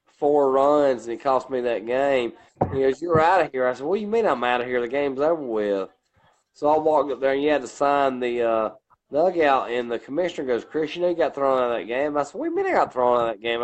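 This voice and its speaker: A middle-aged Southern man spins coaching stories on a podcast. He talks loud and salty and drops into a deep growl when he quotes himself. His pitch sits in the middle. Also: highs cut off. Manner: loud, profane storytelling, acting out his own coaching lines in a deep growl. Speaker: co-host. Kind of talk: casual storytelling chat.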